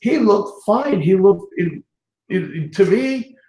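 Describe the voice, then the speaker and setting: A man hosting an interview, chatty and animated, telling stories and laughing often. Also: high-pitched, slow pace, a little hiss or hum. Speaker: interview host. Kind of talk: casual interview chat. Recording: echoey room.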